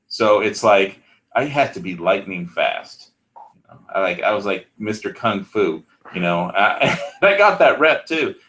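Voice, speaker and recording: A man in casual chat, a recording engineer who rambles excitedly and trails off mid-sentence. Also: on the low side, a little slow.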